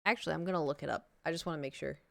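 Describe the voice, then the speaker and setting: A young woman streamer telling a story to her live chat in a rambling, chatty way, full of "like" and quick laughs. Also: low voice, creaky, fairly bright tone, dry recording. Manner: chatty, rambling, heavy use of "like", laughs easily.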